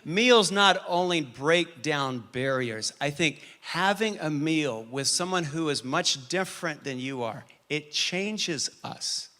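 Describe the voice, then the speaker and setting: A man preaching a sermon and telling a personal story with animated shifts in pace and loudness. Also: a little high, slow pace, hardly any pauses. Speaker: pastor.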